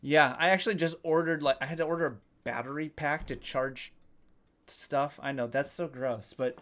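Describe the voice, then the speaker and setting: A man's voice: fairly high pitch, moderate pace, fairly bright tone. A man hosting a casual live stream, chatting with viewers and reading their comments in a joking, self-deprecating way, swearing now and then. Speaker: livestream host.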